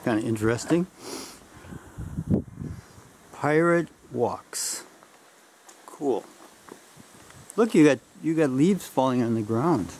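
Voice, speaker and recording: A man's voice: medium pitch, lively intonation, takes it slowly, pauses often, darkish tone, a little hiss or hum. A man chatting casually with a friend, making dry joking remarks. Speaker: visiting friend filming. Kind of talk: casual chat.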